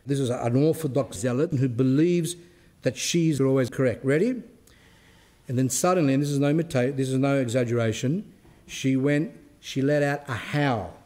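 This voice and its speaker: A man, an Orthodox cleric, giving a spiritual talk that mixes a personal story with rhetorical questions and turns animated as the story goes on. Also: moderate pace. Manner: grows animated and high when telling the story.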